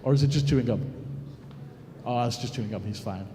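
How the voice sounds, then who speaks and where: A man's voice: mid-range voice, quick pace, warm tone, slight background noise. A man hosting a live event on stage, bantering and teasing the crowd while filling time. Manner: chatty, joking, teasing the crowd. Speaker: event host. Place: large conference hall on stage. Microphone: stage microphone. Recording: long reverb in a large hall.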